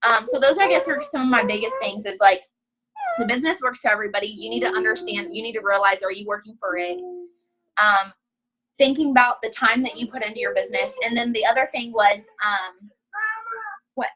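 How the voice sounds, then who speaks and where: A young woman, a guest trainer, gives a casual, upbeat training talk over a video call, chatty and full of "you know." Her voice is on the high side and fairly quick, the recording rough, and she breaks off to quiet her child.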